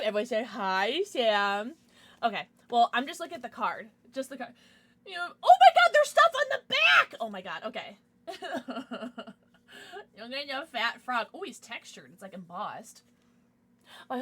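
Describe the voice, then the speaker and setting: Casting: bright, bouncy young female streamer, squeals and murmurs, chatty at her desk mic. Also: on the high side, husky. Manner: bubbly, gushing, quick swings to squeals and mumbles. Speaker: livestreamer. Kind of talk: casual chat.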